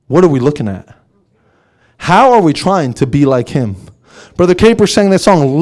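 A man's voice: high-pitched, expressive, normal speed, a little mellow. A man preaching a sermon with an impassioned, repetitive cadence. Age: adult with young sons.

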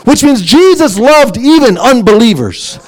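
A man preaching a sermon, emphatic, dropping to hushed asides and then rising to loud exclamations. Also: extremely high pitch, sing-song, a little slow.

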